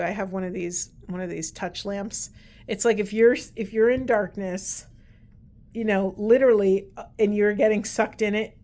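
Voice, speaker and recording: Earnest woman giving a spiritual card reading. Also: mid-range voice. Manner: earnest, meandering, gently emotional. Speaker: tarot and oracle card reader.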